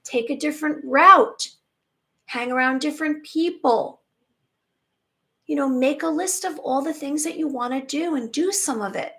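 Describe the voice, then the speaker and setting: A woman's voice: high-pitched, normal speed, a bit bright. A woman hosting a spiritual live stream, talking emphatically in a chatty way and often restarting her words. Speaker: spiritual channel host.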